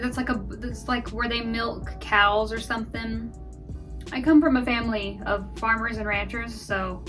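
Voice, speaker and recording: A woman's voice: on the high side, distant mic. A woman vlogger giving casual, rambling commentary as she plays a guessing game, thinking aloud and joking at her own expense.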